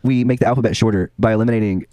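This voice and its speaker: A man's voice: on the low side, steady tone, very fast, mellow, dry recording. A man co-hosting a podcast, rambling and joking in casual chat. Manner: rambling, jokey, profane banter. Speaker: podcast co-host.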